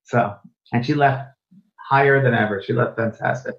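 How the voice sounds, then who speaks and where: A man's voice: medium pitch, moderate pace, fairly bright tone. A man being interviewed as a spiritual medium and teacher, talking earnestly and often repeating or restarting his phrases. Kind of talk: casual interview chat. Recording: dull, lo-fi sound.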